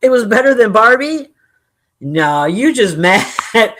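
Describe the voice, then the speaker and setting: Speaking slowly with big pitch swings, a live streamer reads chat in a medium-pitched, slightly bright voice. They joke, curse frequently, laugh a lot, and give blunt, opinionated takes in casual conversation. A little hiss or hum is audible.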